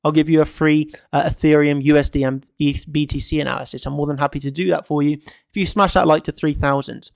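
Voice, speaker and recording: A man's voice: on the high side, fairly even intonation, quick pace, vocal fry, hardly any pauses, no echo, clean studio sound. A man hosting a crypto trading channel, giving casual market commentary to camera in an emphatic way, repeating phrases for stress. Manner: emphatic and repetitive, stacking phrases.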